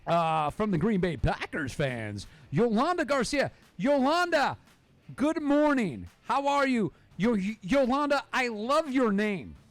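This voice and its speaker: A man's voice: extremely high pitch, big pitch swings, unhurried, no room sound. A man hosting a live sports talk show, playful and rambling as he jokes and reads out viewer comments.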